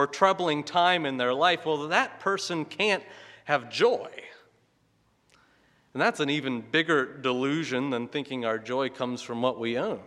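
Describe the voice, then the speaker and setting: Slow, bright-voiced pastor in a reverberant hall. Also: male voice, on the high side. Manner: storytelling, rhetorical questions, light chuckles. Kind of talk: sermon.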